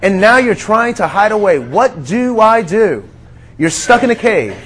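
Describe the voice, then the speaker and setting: A man preaching a sermon in a conversational, earnest way, calling his listeners friends and sinking to a hush on quiet words. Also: high-pitched, big pitch swings, measured pace, slight background noise.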